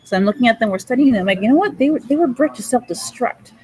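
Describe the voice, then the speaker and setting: A woman in a cafe giving a rambling, profane monologue that jumps between topics and breaks into high bursts of laughter. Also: animated, quick pace, darkish tone, poor audio.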